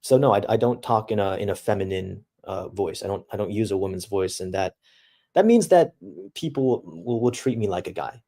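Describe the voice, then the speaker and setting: A man's voice: fairly low pitch, lively intonation, moderate pace, dark tone. A young man streaming live, talking casually and reading out chat in a laid-back, slangy way full of dude and bro.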